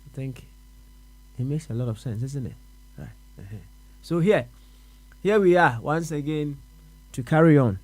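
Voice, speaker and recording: A man's voice: mid-range voice, mellow. Musing Ghanaian man on radio. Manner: musing, repeats words, answers himself with uh-huh. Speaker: radio host. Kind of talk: reflective radio talk.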